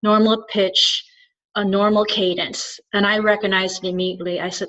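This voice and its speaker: A woman who works as a spiritual channeler and soul coach talks to the camera at a moderate pace, her medium voice fairly bright with little pitch movement. It's an earnest, reflective solo piece where she thinks aloud, and the recording is dull and lo-fi.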